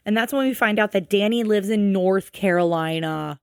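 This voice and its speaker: A woman co-hosting a podcast, recapping a show in casual chat, animated and swearing freely. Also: medium pitch, moderate pace, few pauses, clean tone, no room sound, clean studio sound. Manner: animated, swearing, acts out quotes. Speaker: podcast co-host.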